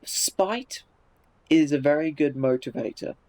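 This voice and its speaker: A man's voice: fairly high pitch, unhurried, a little mellow, low-quality recording. A man streaming live, chatting casually and reacting to viewer messages in a laid-back way, swearing freely and restarting his sentences.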